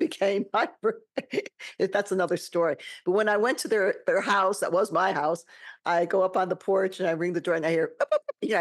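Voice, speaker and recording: A woman hosting a podcast, sharing a personal story in casual chat, often laughing through it. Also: on the low side. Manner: chatty, laughs often, emotional. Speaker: podcast host.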